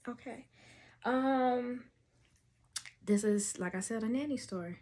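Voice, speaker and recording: Slow-talking emotional woman podcast host. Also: fairly high pitch, darkish tone. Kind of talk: casual storytelling chat.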